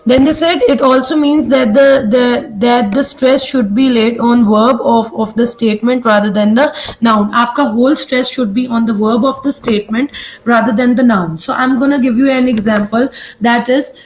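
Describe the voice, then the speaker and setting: A woman's voice: a little high, normal speed, poor audio. A woman teaching an online class, hesitant and often restarting words. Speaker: lecturer.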